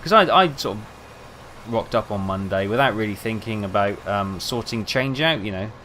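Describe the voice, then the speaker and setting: A man's voice: on the low side, animated, normal speed, sharp tone, a little hiss or hum. A young man rambling casually, telling self-mocking stories over gameplay. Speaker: gaming video host.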